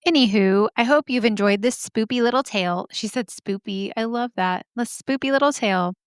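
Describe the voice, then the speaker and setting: A woman hosting a spooky story podcast, chatty and animated, swearing and laughing at herself as she reads listener stories. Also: a little high, a little fast, clean tone, no echo, clean studio sound. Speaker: podcast host.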